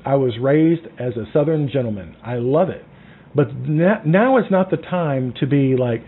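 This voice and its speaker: A man giving sales coaching in a lively way, acting out phone calls and lowering his voice for effect. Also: normal speed, breathy edge. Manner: animated, acts out phone calls, drops to a low voice. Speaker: sales trainer. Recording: tinny phone-like sound.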